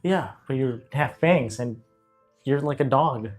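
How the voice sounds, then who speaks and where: Husky-voiced man joking around in a game. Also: mid-range voice, faint music behind. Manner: quick, joking, playful. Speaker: player. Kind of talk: in-character banter.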